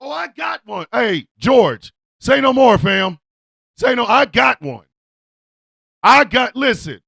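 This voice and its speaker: Man, radio host, high voice, gravelly, drawn-out slow delivery, yelling and cursing, comic rant. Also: very animated, dry recording.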